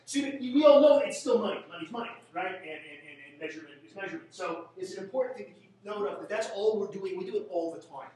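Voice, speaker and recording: A man's voice: high voice, expressive, fast, few pauses, warm tone, slight background noise. A man from Canada giving a classroom statistics lecture, rambling and joking with sarcastic asides. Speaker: statistics teacher. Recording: echoey room from a distant mic.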